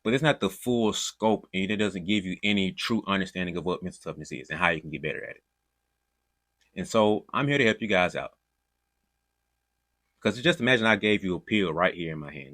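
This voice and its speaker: A man's voice: sits low, fairly bright tone, no echo, studio quality. A man hosting a podcast, talking casually and directly to listeners in slangy words. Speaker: podcast host. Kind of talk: podcast talk and self-promotion.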